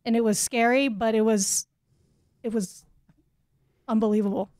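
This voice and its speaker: A woman tells a story from her fieldwork on a podcast, animated and quick to laugh. Her voice sits a little high. The sound is dry and close, with no room echo. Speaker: guest. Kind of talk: casual storytelling.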